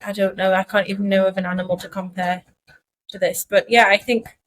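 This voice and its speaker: A woman's voice: medium pitch, little pitch movement, a little fast, low-quality recording. A woman with a Geordie accent co-hosting a podcast, chatting casually and thinking aloud with many asides. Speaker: podcast co-host.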